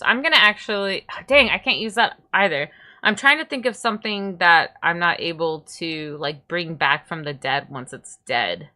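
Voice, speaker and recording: A woman's voice: on the low side, sharp tone. A young woman streamer chatting casually, rambling and tripping over her words. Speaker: VTuber streamer. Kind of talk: casual livestream chat.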